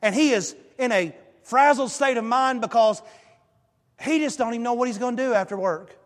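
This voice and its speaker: A male pastor preaching a sermon and telling a story in a lively, emphatic way. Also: extremely high pitch, normal speed, big-room sound. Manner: animated storytelling, emphatic rises. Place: church sanctuary.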